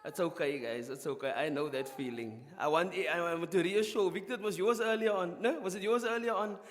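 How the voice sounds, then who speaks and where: A man preaching a sermon to his congregation in an animated, conversational way. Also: high voice, fairly quick, long reverb tail. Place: church hall.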